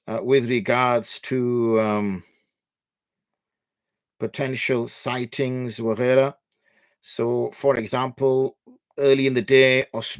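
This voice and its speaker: A man's voice: medium pitch, no room sound, studio quality. A man hosting a religious question-and-answer livestream, talking loosely and thinking aloud with many fillers. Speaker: mufti hosting Q&A. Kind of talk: casual livestream talk.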